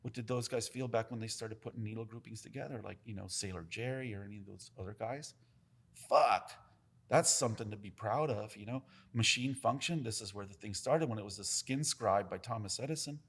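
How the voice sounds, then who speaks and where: A man's voice: fairly low pitch, fairly quick, breathy edge. A man, a tattoo artist, telling stories in a casual podcast chat, emphatic and full of swearing. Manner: profane, emphatic, talks with his hands about craft.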